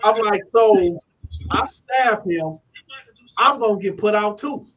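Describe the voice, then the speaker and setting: A man's voice: high-pitched, takes it slowly, lo-fi sound, slight background noise. A man from Flint telling stories in a casual way, laughing often and acting out other people's voices. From Flint, Michigan. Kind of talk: casual storytelling.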